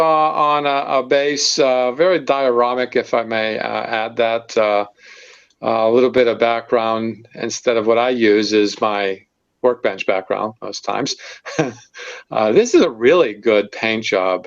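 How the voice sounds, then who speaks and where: A man hosting a casual online hobby hangout, talking in halting bursts full of fillers and easy laughter. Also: medium pitch, muffled recording. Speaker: host of a modeling hangout. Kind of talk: casual video-call chat. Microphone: video call.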